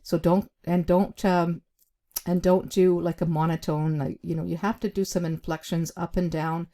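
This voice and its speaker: Woman, job skills instructor, warm low voice, deliberate, stresses key words, short pauses, chatty fillers. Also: steady tone. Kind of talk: instructional talk to camera.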